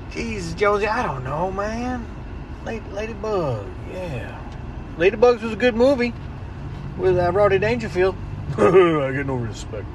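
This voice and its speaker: A man's voice: high voice, noisy background. A man calling in to a show, rambling and stammering as he loses his thread. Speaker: caller. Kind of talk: rambling phoned-in message.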